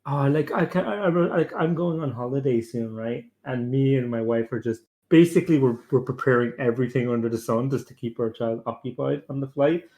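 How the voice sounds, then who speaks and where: A man's voice: medium pitch, fairly quick, few pauses. A young man chatting casually on a podcast panel, rambling and swearing as he tells stories about parenting. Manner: rambling, sweary, animated storytelling. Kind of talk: casual chat.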